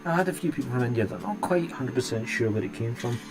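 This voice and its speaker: This Scottish man hosts a live stream over music, speaking quickly at medium pitch with lively intonation. Chatting casually with viewers, he rambles, hesitates, and keeps restarting his sentences.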